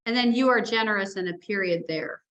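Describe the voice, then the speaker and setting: A woman taking part in a training session over a video call, reading a sentence aloud slowly and deliberately, calling out the punctuation. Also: mid-range voice, fairly bright tone, poor audio. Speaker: training participant.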